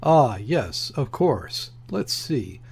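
A man's voice: mid-range voice, big pitch swings, extremely slow, creaky, breathy edge, exaggerated voice. A man voicing a sneering, condescending diplomat. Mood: scornful. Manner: sharp, grim, sneering. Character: mocking condescending male embassy first secretary. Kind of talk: audiobook character reading.

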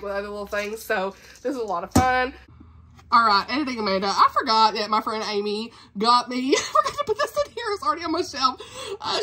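A woman's voice: a little high, pushed and bright. A chatty woman with a Southern US accent, showing off her book haul in a casual vlog and laughing often. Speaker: book vlogger.

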